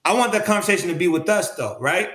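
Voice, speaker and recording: A man being interviewed about his creative work speaks earnestly and thoughtfully, hunting for words amid frequent fillers and restarts. His high voice is lively, quick, and a bit bright, recorded with roomy echo and slight background noise.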